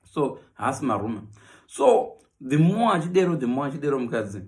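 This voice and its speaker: A man's voice: mid-range voice, a little fast. A man with a Zimbabwean accent doing a comic monologue, switching between Shona and English and acting out the people he talks about. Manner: animated, mixes Shona with English, acts out quoted voices. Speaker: comedian.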